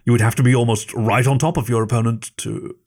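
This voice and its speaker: A man's voice: mid-range voice, steady tone, quick pace, a little mellow, close to an everyday voice. A man voicing an anxious, urgent male fox scientist who slips German words into his pleading speech. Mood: earnest worried.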